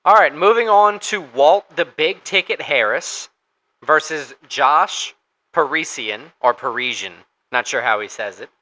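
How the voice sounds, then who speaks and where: A man's voice: fairly high pitch, measured pace, pushed and bright, rough recording. A man co-hosting a casual sports podcast, talking through fight picks in a loose, conversational way with fillers and restarts. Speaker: podcast co-host.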